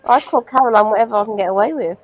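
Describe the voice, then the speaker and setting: A woman's voice: a little high, rapid-fire, slight background noise. A woman in a casual group chat with a dry, wry manner.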